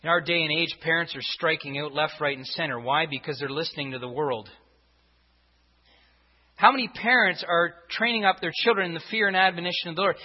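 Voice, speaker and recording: In a church sanctuary, a pastor delivers a sermon in a slightly high, brisk, somewhat rough voice. He keeps driving his points home with rhetorical questions, and the recording comes across dull and echoey.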